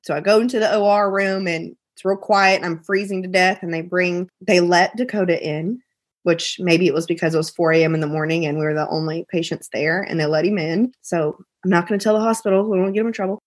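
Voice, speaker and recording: A woman, a podcast guest telling an emotional personal story, animated and quoting people in a raised voice. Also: fairly low pitch, a little fast.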